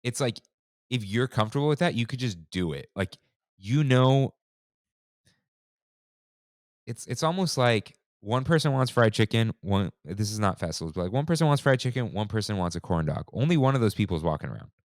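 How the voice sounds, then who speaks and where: A laid-back man in his thirties chats easily as a podcast host, full of slang. His voice sits low but swings widely in pitch, and the recording is close and dry. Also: sing-song, a little fast, dry recording. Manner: laid-back, slangy, says "dude" and "like" often. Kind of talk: casual chat.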